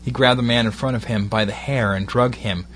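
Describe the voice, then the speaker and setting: A Glaswegian man narrating an erotic story in a measured, steady delivery with short phrased pauses. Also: medium pitch, a little hiss or hum.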